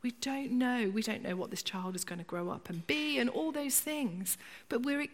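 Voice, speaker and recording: A woman's voice: a little high, expressive, moderate pace. A middle-aged woman preaching a conversational sermon, acting out people's inner voices. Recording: long church reverb.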